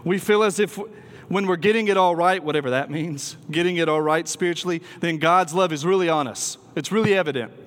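Man, preacher giving an earnest sermon, slightly higher voice, long echo from a big hall. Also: a little fast, fairly bright tone. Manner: earnest, emphatic, with filler ums and restarts.

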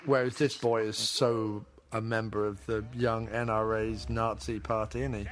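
A man's voice: fairly low pitch, flat delivery, moderate pace, a little hiss or hum. A man chatting casually, crudely mocking a film as he watches. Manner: crude, joking, mocking commentary. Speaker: podcast co-host. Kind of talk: casual chat reacting to a film.

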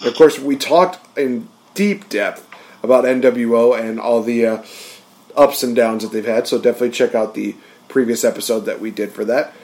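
A man co-hosting a relaxed podcast, his voice sitting in an ordinary middle register. He talks animatedly and breaks into quick impressions of wrestler promos before dropping back into easy chatter. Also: medium pitch. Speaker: podcast co-host. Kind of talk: casual chat.

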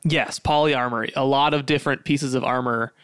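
A young man co-hosting a podcast, bantering playfully in a quick, jokey back-and-forth. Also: medium pitch, fairly even intonation, fairly bright tone, smooth, no room sound, studio quality. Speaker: podcast co-host. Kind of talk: casual banter.

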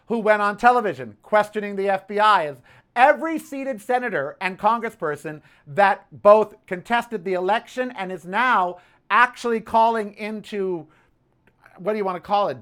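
A man's voice: high-pitched, fairly bright tone, smooth. A man hosting his own podcast, ranting casually about politics and telling a story with sassy "honey" asides. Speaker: podcast host.

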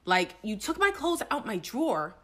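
A young woman tells a wild story to her co-host, cursing freely. Her voice sits a little high and leaps around a lot as she gets into it. The talk is loose and chatty. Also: moderate pace. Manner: animated, profane, laughing storyteller. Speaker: podcast co-host. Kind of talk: casual storytelling chat.

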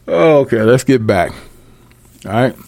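A man giving a freewheeling, profane Bible commentary, brash and mocking, swinging between loud outbursts and low mutters. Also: gravelly. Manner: brash, mocking and full of cursing. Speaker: self-styled preacher.

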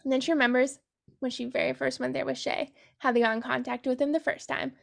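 High, gravelly woman recapping a book. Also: little pitch movement, fast talker. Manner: sarcastic, profane, giggly. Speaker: book podcast host. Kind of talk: casual chat, retelling a novel.

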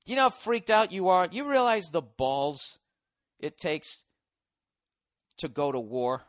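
A man's voice: high-pitched, sing-song, unhurried, a bit bright. A man in his forties hosting a show, riffing through a profane comedic rant. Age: 40s.

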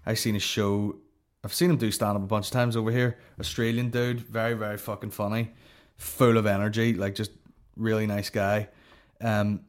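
A Northern Irish man hosting a comedy podcast, ranting casually in a profane, rambling way and swearing constantly. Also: fairly low pitch.

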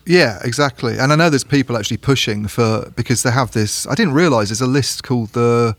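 A man's voice: medium pitch, a little fast, dry recording. A man co-hosting a tech podcast, talking casually and thinking aloud. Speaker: podcast co-host.

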